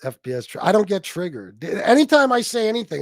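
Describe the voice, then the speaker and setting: Brief: male livestream host, heated and sarcastic, swears constantly, voice on the higher side. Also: sing-song, quick pace, dry recording, clean studio sound. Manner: profane, heated, sarcastic ranting. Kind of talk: ranting livestream commentary.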